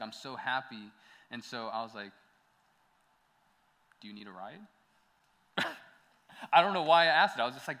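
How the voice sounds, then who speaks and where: Young man, youth pastor, casual storytelling sermon, lots of "like", forceful bright tone, long church-hall echo. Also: mid-range voice. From United States. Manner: chatty, many "like"s, animated retelling with laughs.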